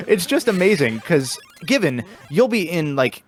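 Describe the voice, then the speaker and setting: A man's voice: a little high, sing-song, normal speed, faint music behind. Man reading donations on a charity stream. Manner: reads donation messages aloud, stumbling and laughing. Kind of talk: casual chat.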